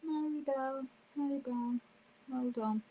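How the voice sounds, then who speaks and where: A woman hosting a casual live stream, chatty and quick to laugh as she reads viewer comments aloud. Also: sits high, narrow, tinny audio.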